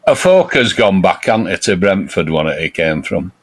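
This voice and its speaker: A man co-hosting a casual football fan chat, opinionated and quick with jokey asides. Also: low voice, sing-song. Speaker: podcast co-host.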